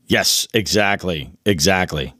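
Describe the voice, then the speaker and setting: A man co-hosting a casual fishing podcast, agreeable and quick to affirm, who reads out listener questions. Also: low voice, bright, forceful tone, breathy edge, no echo, studio quality. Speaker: podcast co-host.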